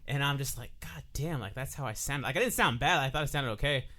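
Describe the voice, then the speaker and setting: A man's voice: medium pitch, lively intonation, quick pace, pushed and bright. A man co-hosting a podcast in casual chat, rambling with many "like"s as he tells a story. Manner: rambling, heavy use of "like". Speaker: podcast co-host.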